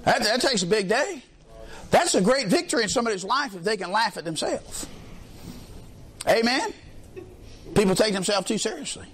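High-voiced preacher calling out "amen". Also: male voice, very animated, normal speed, pauses often, a little hiss or hum. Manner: colloquial, peppers lines with "amen", swells into shouts. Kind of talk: sermon with congregation call-and-response.

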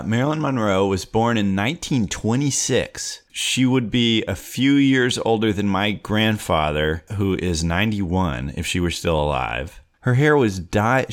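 A man's voice: lowish voice, unhurried, few pauses. A young man hosting a solo podcast, chatting in a playful, jokey way. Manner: playful, animated, jokey asides. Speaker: podcast host. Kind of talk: solo comedic podcast chat.

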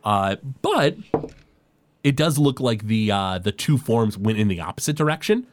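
A man narrating a tabletop role-playing game as game master, descriptive and halting with fillers. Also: lowish voice, lively intonation, a little hiss or hum.

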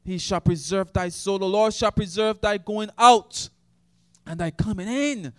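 A man preaching an impassioned sermon, swinging between shouted praise and hushed, quiet passages. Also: high-pitched, measured pace, clean tone, no room sound, clean studio sound.

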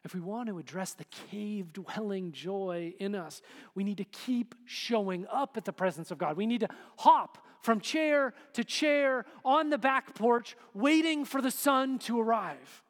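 High-voiced casual preacher in a hall. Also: male voice, unhurried. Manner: casual, conversational preaching with many fillers. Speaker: pastor. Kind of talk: sermon. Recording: hall reverb.

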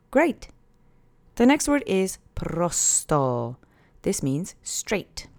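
A woman hosting a podcast language lesson, saying words slowly and carefully for listeners to repeat, with cheerful praise after each drill. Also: lowish voice, darkish tone. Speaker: podcast host teaching Polish phrases.

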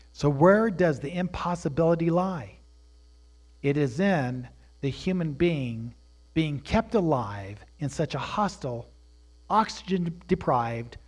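A man teaching a sermon, asking rhetorical questions and swinging between hushed, drawn-out phrases and loud, emphatic preaching. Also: on the high side.

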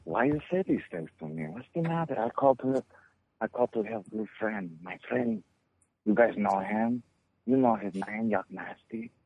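A man putting on a rambling, mock-sincere male caller who calls himself an author, in a croaky voice over a tinny phone line. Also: fairly low pitch, very animated, moderate pace, a little hiss or hum. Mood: mock-friendly. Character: rambling male caller "Gay Elmo Bean", self-styled author.

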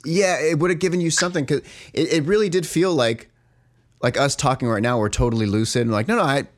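A man co-hosting a podcast, talking in an animated, exasperated way and filling his speech with "like". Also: medium pitch, fast. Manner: animated, exasperated critique with frequent "like". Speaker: podcast co-host. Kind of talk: casual chat.

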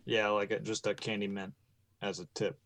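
A man playing a tabletop game, describing his character's actions with offhand, deadpan jokes. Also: on the low side, normal speed. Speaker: player. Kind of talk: tabletop role-play banter.

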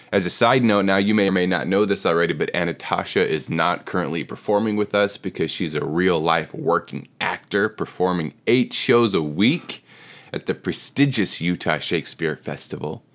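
Deep, gravelly-voiced male podcast host. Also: fairly bright tone. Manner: upbeat, playful. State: sick, hoarse. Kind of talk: casual podcast chat.

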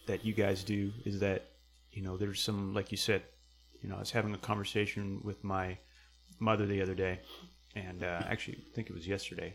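A young man telling stories in casual conversation, rambling with many fillers and acting out quotes loudly. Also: sits low, vocal fry.

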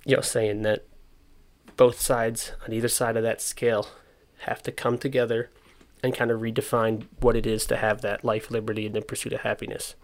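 A man's voice: fairly low pitch, little pitch movement, moderate pace. A young man casually explaining history, with slangy, joking asides. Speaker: history presenter.

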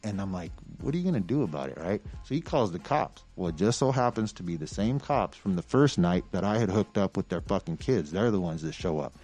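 A man spins a profane, lively yarn in a relaxed chat. He swears freely and acts out each quote as he goes. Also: deep voice, fairly quick, hardly any pauses, breathy edge, soft background music. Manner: profane, animated storyteller who acts out quotes. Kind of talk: casual storytelling chat.

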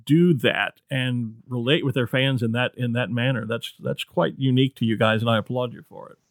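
A man's voice: medium pitch, fairly even intonation, moderate pace, dry recording, studio quality. An American man hosting an interview, chatty and friendly, asking questions and telling side stories. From United States. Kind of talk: casual interview.

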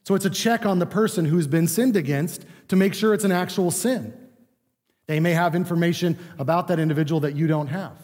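A man's voice: on the high side, a little fast, a little mellow. A man preaching a sermon in a conversational teaching manner, acting out what people say. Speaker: pastor. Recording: long reverb of a large room.

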